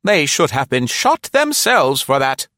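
Gentlemen reading an audiobook put on this one: an imperious grande dame of a certain age, firm and unshaken, her voice lifted well above his own register as a man plays her. She speaks in crisp, commanding questions in a dry, close recording. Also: deep voice, lively intonation, normal speed, no room sound, pitched above the performer's own voice. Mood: indignant.

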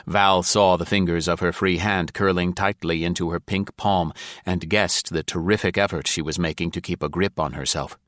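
A man reading an adventure novel aloud as narrator, measured and dramatic. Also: sits low, fairly even intonation, a bit bright, dry recording, clean studio sound. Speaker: audiobook narrator. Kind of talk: scripted narration.

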